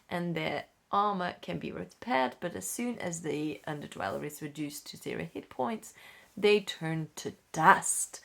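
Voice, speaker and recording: Young woman, low gravelly voice, casual rulebook reader who stumbles and corrects herself. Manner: unhurried, with frequent fillers and self-corrections. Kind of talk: casual reading aloud of game rules.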